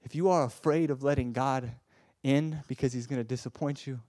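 Guy preaching hard then going quiet, stumbles on words, dry close sound. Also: mid-range voice, fairly even intonation, fairly quick, no room sound. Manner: impassioned, swings from loud urging to soft hush; stammers and repeats words. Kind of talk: sermon.

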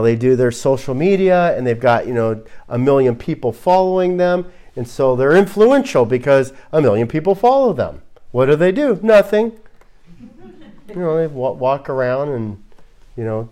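A man's voice: on the high side, darkish tone. A man from Southern California preaching a sermon, mixing casual asides with emphatic rhetorical questions. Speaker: pastor.

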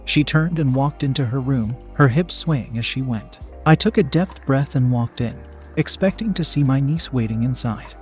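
A man steadily reading a first-person erotic story aloud in an even narration style. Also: medium pitch, normal speed, soft background music.

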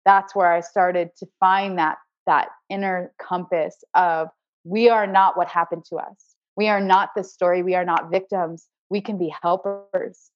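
A woman's voice: lowish voice, steady tone, unhurried, no room sound. A woman guest on a podcast who works as an acupuncturist, telling a personal healing story in an earnest, spiritual way and often repeating words as she searches for them. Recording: dry, slightly dull recording.

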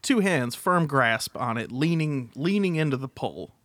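A man hosting a podcast, recapping a film in casual chat with halting restarts. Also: mid-range voice, no echo. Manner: animated, halting storytelling with restarts. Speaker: podcast host.

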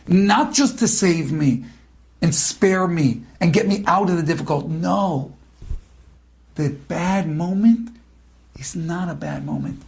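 High, gravelly dramatic storyteller man. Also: takes it slowly, long pauses, a little mellow. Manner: dramatic, building to emotional peaks. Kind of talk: inspirational story retelling.

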